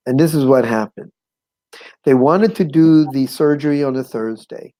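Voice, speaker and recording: A middle-aged man, a show guest, telling a personal life story in an animated, conversational way, acting out voices and chuckling often. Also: mid-range voice, moderate pace, poor audio. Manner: conversational with frequent "you know what I'm saying".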